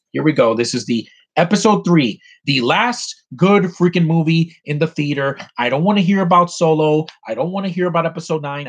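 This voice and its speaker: Thirties man, husky voice, casual opinionated vlogger, swears often, mid pitch. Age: 30s. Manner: opinionated, frequent mild swearing, rambling asides. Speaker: collector showing his items. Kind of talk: casual ranting vlog.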